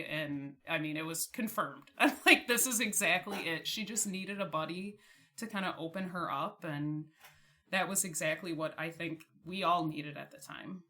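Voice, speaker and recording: Young woman, twenties, lowish bright voice, chatty storyteller, laughs easily. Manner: chatty, laughs often, fillers like "like". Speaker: podcast guest. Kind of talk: casual storytelling.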